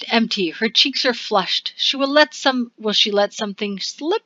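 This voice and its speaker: Woman doing a let's play, reads game text real slow, bright voice, dry dull mic. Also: fairly high pitch, no echo. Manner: slow, deliberate reading with muttered asides. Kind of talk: game commentary reading on-screen text aloud.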